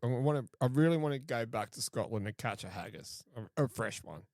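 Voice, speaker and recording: A man's voice: mid-range voice, lively intonation, fairly quick, darkish tone, no echo, clean studio sound. A man in his forties, co-hosting a podcast in laid-back, crude casual chat, laughing often. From Australia. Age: 40s. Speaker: podcast co-host.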